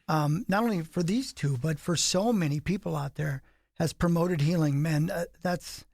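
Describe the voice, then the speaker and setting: A man hosting a podcast interview, animated and self-deprecating, his voice rising on questions. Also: fairly high pitch, no echo, clean studio sound. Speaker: host.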